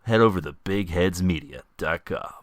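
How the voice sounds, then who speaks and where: A man's voice: low-pitched, normal speed. A man hosting a comedy podcast in upbeat, chatty casual talk. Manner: upbeat, chatty, laughs often. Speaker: podcast host. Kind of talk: casual chat.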